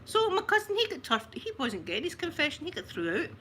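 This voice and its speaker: Chatty Scottish woman with a bright voice. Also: sits high, quick pace, slight background noise. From Scotland. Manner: chatty, animated storyteller, frequent laughter and restarts. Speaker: ASMR livestream host. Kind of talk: casual storytelling on a livestream.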